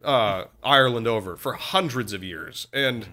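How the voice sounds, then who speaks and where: A man casually telling a history story as a podcast co-host, animated and profane, slipping into voices for quotes. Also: mid-range voice, normal speed.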